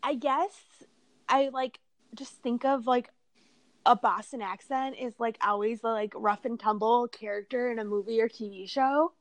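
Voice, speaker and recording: Curious young woman with a bright voice. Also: on the high side, fairly even intonation, normal speed, no echo. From southern Minnesota. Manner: curious, asks lots of questions, many fillers. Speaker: podcast co-host. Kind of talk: casual chat.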